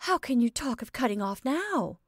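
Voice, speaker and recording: A woman's voice: on the high side, sing-song, moderate pace, dry recording, clean studio sound, voice pushed up. A woman voicing an earnest, anxious young woman in a storybook reading, speaking in a pleading way.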